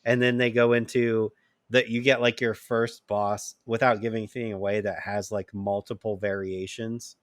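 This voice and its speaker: A man's voice: fairly low pitch, little pitch movement, moderate pace, no room sound, studio quality. A man co-hosting a gaming podcast, chatting casually, peppering his talk with "like" and laughing at himself. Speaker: podcast co-host. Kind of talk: casual chat.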